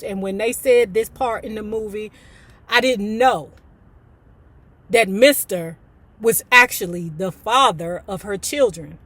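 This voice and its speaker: A woman's voice: mid-range voice, measured pace. A woman reading a novel aloud for a book club, breaking into chatty, sassy commentary between passages. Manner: animated, switches between reading and sassy asides.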